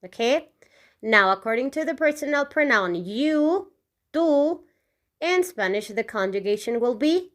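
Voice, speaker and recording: A woman's voice: high-pitched, expressive, a bit bright. A woman teaching a Spanish lesson, saying each Spanish form twice and checking in with "okay?" as she goes. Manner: repeats each word twice, frequent "okay?" check-ins; pronounces Spanish words slowly and clearly. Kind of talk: slow, repetitive language lesson.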